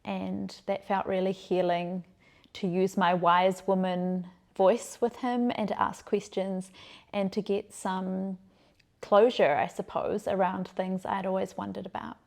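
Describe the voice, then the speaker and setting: A woman's voice: mid-range voice, little pitch movement, unhurried, gravelly, a little mellow. Frank, playful New woman host. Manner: frank, playful, laughs easily. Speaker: podcast host, sexologist. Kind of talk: candid chatty storytelling.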